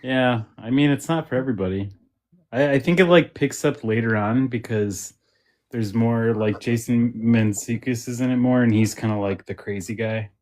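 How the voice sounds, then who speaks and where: A man's voice: medium pitch, moderate pace, a little mellow. A man co-hosting a casual podcast chat, rambling with lots of fillers and restarts. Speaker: podcast co-host.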